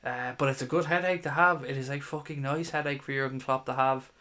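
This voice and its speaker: Here the fan channel host sounds brisk, bright and forceful, his medium-pitched voice holding steady. The man, in his thirties, casually reads out comments from viewers during a live stream, chummy and occasionally profane.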